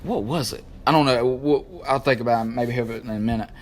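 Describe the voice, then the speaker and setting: Man, casual excited recap, rambling, mid pitch. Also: brisk. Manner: animated, rambling, searches for names. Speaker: wrestling talk show co-host.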